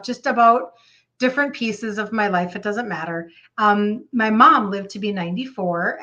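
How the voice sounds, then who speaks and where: A woman in her fifties, a health coach talking earnestly on a live stream, halting at times with restarts and fillers. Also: medium pitch, bright, forceful tone, muffled recording. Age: 50s.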